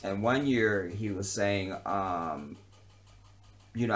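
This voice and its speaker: A vlogger goes on an unscripted rant, heated and profane, hammering his points home by repeating phrases. His voice sits lowish, and he talks slowly with long pauses.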